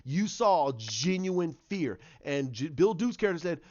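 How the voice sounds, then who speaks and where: A man casually breaking down a TV episode as a fan, excitable and acting out the characters' lines. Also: high voice, moderate pace, few pauses, dull audio. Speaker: TV show reviewer.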